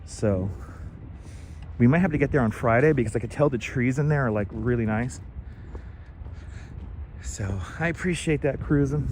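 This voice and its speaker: A man's voice: medium pitch, moderate pace, long pauses, a little mellow, a little hiss or hum. A middle-aged man, chatting casually on a live stream as he bikes through a city park on a lapel mic, reading out and thanking viewers. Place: outdoors in a city park, riding a bike. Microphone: wireless lapel mic.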